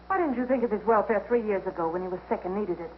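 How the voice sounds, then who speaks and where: A woman's voice: medium pitch, racing, natural voice. A woman plays a young mother in an old film who stands her ground and speaks firmly and plainly. Her voice sounds a little muffled and dull, with a faint hiss behind it. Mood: defiant. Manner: firm, defiant. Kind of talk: 1940s film acting.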